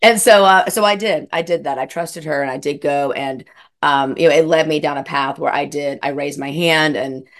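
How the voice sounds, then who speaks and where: A woman coach, a guest on an interview show, telling her story in an animated way with many restarts. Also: low-pitched, normal speed. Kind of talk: casual interview chat.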